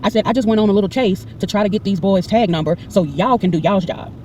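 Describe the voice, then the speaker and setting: Woman in her 40s, rapid animated storytelling, mellow voice, indignant, quotes both sides of every exchange. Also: medium pitch, far from the mic, a little hiss or hum. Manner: heated and indignant when retelling. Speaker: vlogger recounting a personal incident. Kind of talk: casual storytelling to camera.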